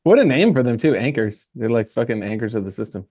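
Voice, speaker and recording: A man with a dark, mellow voice drops quick, wry remarks into a casual podcast chat. He swears freely. His pitch sits at a medium level. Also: sing-song, no room sound, studio quality.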